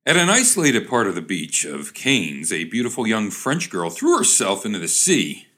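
A man casually reading old jokes aloud and describing cartoons, wry and halting with many restarts. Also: fairly low pitch, huge pitch swings, sharp tone.

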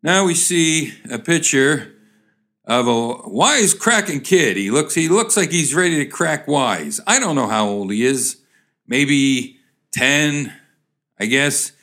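A man casually reading old jokes aloud and describing cartoons, wry and halting with many restarts. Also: medium pitch, big pitch swings, fairly bright tone.

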